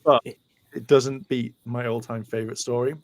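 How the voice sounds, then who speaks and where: A British man co-hosting a podcast, telling stories in a casual, animated way and laughing through them. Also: medium pitch, moderate pace, dry recording. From United Kingdom. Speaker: podcast co-host. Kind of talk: casual storytelling.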